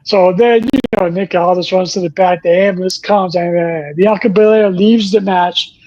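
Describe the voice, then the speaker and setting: A man's voice: sits high, fairly even intonation, normal speed, darkish tone. Rambling man, dull lo-fi sound. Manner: rambling storyteller, many restarts. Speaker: podcast host. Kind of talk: casual wrestling chat.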